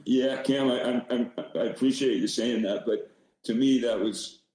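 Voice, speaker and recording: Older man in an echoey room, dark tone. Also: medium pitch, steady tone, moderate pace. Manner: rambling, self-deprecating, frequent restarts. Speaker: podcast guest, former hockey coach. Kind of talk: casual storytelling.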